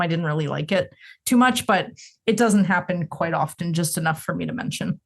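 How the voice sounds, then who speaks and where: A young woman co-hosting a music podcast, talking in a chatty, expressive way. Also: medium pitch, normal speed. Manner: chatty and expressive, with frequent fillers. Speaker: podcast co-host. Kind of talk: casual chat.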